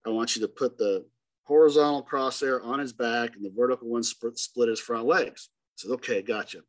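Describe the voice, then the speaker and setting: A middle-aged hunting guide recounts a story in a relaxed interview, voicing each person in it as he goes. His voice sits at an ordinary middle pitch for a man, and he moves between quick asides and drawn-out emphasis. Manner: animated, acts out dialogue in the story.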